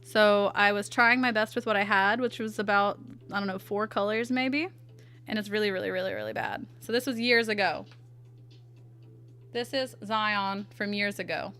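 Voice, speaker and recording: Here a young artist streamer talks back to her live chat as she draws, keeping the banter playful. Her medium-pitched voice is bright and forceful, with lively intonation at a moderate pace.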